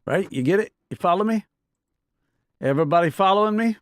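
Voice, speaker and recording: Guy doing a laid-back bible teaching, talky, keeps asking if you follow, lively voice that jumps around, dry sound. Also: sits high, a little fast, no room sound. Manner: conversational, keeps checking listeners follow.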